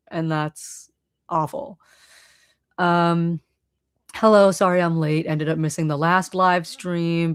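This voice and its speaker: A woman with a Boston accent talks loosely on a live stream, reading chat and riffing with plenty of "like" and "um." Her voice sits a bit low. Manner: chatty, many fillers, laughs often.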